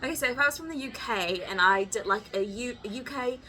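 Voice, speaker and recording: A woman's voice: medium pitch, animated, fast, pushed and bright, faint music behind. Chatty young American woman vlogger. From United States. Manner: chatty, rambling, self-correcting, slangy. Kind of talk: casual chat.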